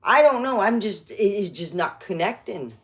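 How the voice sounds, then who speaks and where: A woman's voice: mid-range voice, expressive, moderate pace. A middle-aged woman doing a rambling, meandering stand-up style comedy monologue, chatty and full of restarts.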